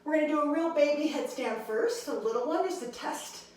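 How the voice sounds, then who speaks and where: A woman's voice: sits high, lively intonation, brisk, a little mellow, very echoey, recorded from a distance, poor audio. A woman teaching a handstand class, encouraging her students and counting reps aloud, a little out of breath. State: slightly out of breath. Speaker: handstand instructor. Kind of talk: fitness class instruction.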